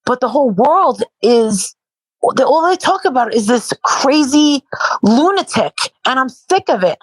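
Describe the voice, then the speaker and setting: A woman's voice: sits high, big pitch swings, measured pace, slightly rough, no echo, low-quality recording. A woman being interviewed in casual chat, talking bluntly and profanely and repeating herself in bursts. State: sore and worn out from protesting. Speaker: interview guest.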